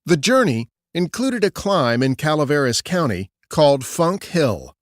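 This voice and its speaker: A man narrating a scripted true-crime history story in an expressive storytelling way. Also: on the high side, measured pace, no room sound, studio quality.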